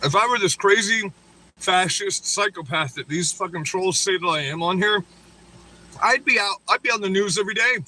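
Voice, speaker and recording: A man's voice: sits high, normal speed, pushed and bright, poor audio. A man hosting a livestream, delivering a crude, profane, taunting rant at critics. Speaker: livestream host. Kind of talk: ranting livestream monologue.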